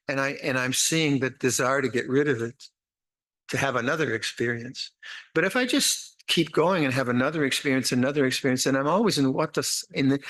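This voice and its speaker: An older man gives a dharma talk at a meditation retreat, his voice at an ordinary middle pitch. He speaks slowly and haltingly, often repeating words and restarting his sentences. His manner is gentle and wry as he teaches. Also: low-quality recording. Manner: gentle, wry, laughs at his own jokes.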